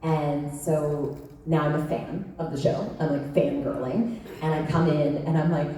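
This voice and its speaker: Her voice is low, steady, and mellow, and she talks a little slowly. She's a panel guest actress in her thirties sharing chatty, laughing stories full of "like" in a large convention hall, captured from a distance with echo and slight background noise.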